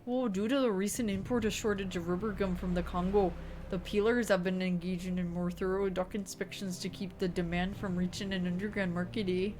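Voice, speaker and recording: A woman voicing a gruff male smuggler, putting on a bad Canadian accent and tacking "eh" onto his lines. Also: fairly low pitch, fairly even intonation, a little fast, a little mellow, soft background music, natural voice. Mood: bargaining.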